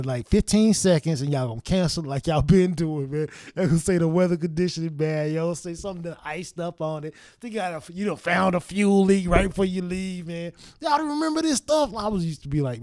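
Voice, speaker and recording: A man hosting his own show, telling a story in a casual, profane, animated way and acting out his younger self's reactions. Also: fairly high pitch, no echo. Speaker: show host.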